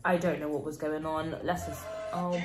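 This teen vlogger speaks in a low voice with flat delivery at a moderate pace, chatting casually in a reaction video. She's giggly and self-mocking, and the recording carries a roomy echo and faint music.

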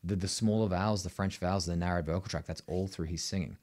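A man's voice: low voice, fairly even intonation, fast, a little mellow. Blunt Australian man teaching singing. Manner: emphatic, blunt, keeps adding "right?". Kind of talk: vocal tutorial to camera.

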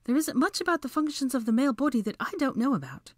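A woman's voice: high-pitched, animated, fast, dry recording, clean studio sound, pitched above the performer's own voice. A woman voicing a prim, clever young woman. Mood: defensive.

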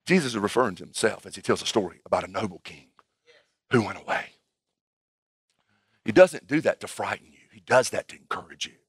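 A man preaching a sermon as pastor in a church, emphatic and building toward shouting. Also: fairly low pitch, expressive, brisk, long pauses, husky, no echo, clean studio sound.

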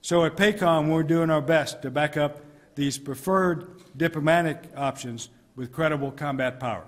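A middle-aged American man, a military commander, delivering a formal prepared speech with measured, emphatic pauses. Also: a little high. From United States. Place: ambassador's residence reception hall. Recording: long hall reverb.

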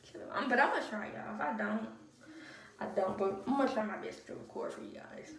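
A young woman vlogging casually at her bathroom sink, chatting straight to viewers and slipping between hushed and loud. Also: a little high, fairly quick. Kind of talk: casual get-ready-with-me vlog. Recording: echoey bathroom, far mic, running water.

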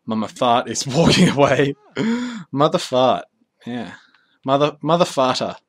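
A young man giving rambling, jokey commentary over his own gameplay, easily excited. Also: mid-range voice, a little slow. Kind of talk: casual let's play commentary.

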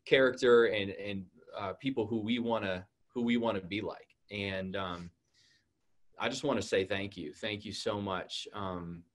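A man's voice: on the low side, steady tone, unhurried. A man hosting a church event interview, speaking earnestly with many fillers. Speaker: church host. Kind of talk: hosted interview.

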